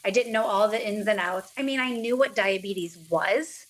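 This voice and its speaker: A woman in her thirties tells her own story as a podcast guest. She speaks plainly and earnestly, voicing the people she talked to along the way. Her voice sits in a middle pitch. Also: moderate pace, low-quality recording. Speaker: guest, mother of two. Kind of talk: personal story in a podcast interview.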